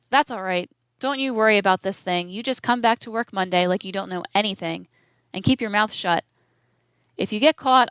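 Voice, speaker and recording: A woman narrating an audiobook of court testimony in a measured, even manner, reading the quotation marks aloud. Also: mid-range voice, smooth, no room sound.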